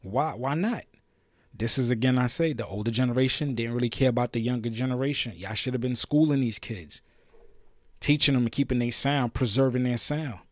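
A man from Brooklyn with a New York accent hosting a podcast, ranting with passion and challenging listeners, his voice swinging between loud and low. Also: a little fast, no echo, clean studio sound. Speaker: podcast host. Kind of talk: impassioned solo podcast rant.

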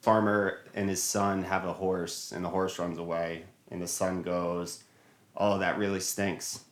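A man's voice: low voice, little pitch movement, measured pace, roomy sound. A man hosting a podcast, chatting and telling stories in an easygoing way. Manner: easygoing storyteller. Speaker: podcast host. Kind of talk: casual conversation.

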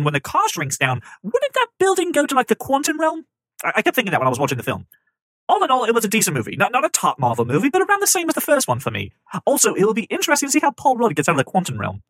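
A clumsy British reviewer voice , which a man puts on for a read-out, reading carefully. The tone is bright and tense, the pitch bounces up and down, and the sound is dry and close. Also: wildly swooping pitch, fast, no echo, heavily acted. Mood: reading aloud. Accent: put-on British. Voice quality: self-mockingly bad accent.

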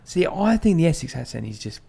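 A young man rambles through a casual podcast chat, swearing freely. His voice has a gravelly fry and a lively, swinging pitch. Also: brisk. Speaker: podcast co-host.

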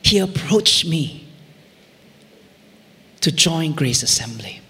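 A middle-aged male pastor preaching a sermon, telling a personal story with swings from near shouts to whispers. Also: on the high side, lively intonation, slow, big-room sound. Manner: emotional storytelling, rising to near shouts in retold prayers, dropping to whispers.

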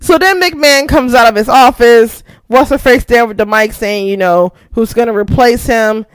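A young woman hosting a casual recap show, excitable, laughing often and swearing freely. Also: a little high, normal speed, smooth, no echo. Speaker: podcast host.

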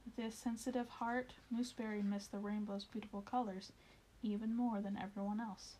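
A woman reading a children's storybook aloud, expressive and speaking directly to the listener. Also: medium pitch, normal speed, a little hiss or hum, poor audio.

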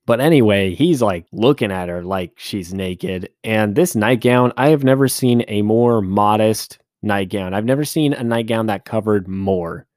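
Wry low-voiced man recapping a movie. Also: unhurried, few pauses, darkish tone, no room sound, studio quality. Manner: wry, joking, rambling asides. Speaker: podcast host.

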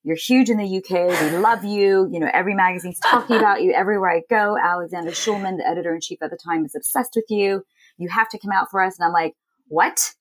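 A woman's voice: mid-range voice, fast talker. A woman from Los Angeles, telling stories in a casual interview, acting out what others said. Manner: animated, quotes others in lively voices. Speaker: guest, entrepreneur.

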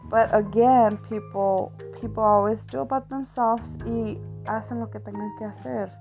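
A woman's voice: fairly high pitch, steady tone, normal speed, darkish tone. A woman in a casual, rambling monologue, talking earnestly with many restarts and filler phrases. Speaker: speaker sharing life advice. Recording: dull lo-fi audio with faint guitar music.

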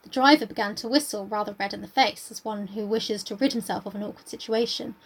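A woman's voice: mid-range voice, fast talker, breathy edge. A young woman, co-hosting a casual podcast and retelling and reading a novel aloud. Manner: chatty retelling with "like". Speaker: podcast co-host. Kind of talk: casual book-club chat and reading aloud.

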